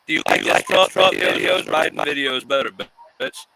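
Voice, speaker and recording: A man's voice: on the high side, expressive, moderate pace, gravelly, pushed and bright, a little hiss or hum, low-quality recording. A man hosting a live podcast, confronting a caller in a profane, mocking way. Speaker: podcast host. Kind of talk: heated live debate.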